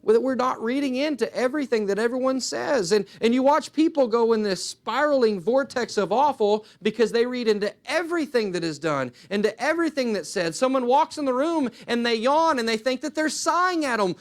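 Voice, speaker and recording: A man's voice: extremely high pitch, expressive, a little fast, few pauses. Earnest, emphatic male preacher. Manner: earnest, acts out little dialogues in his talk. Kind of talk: sermon.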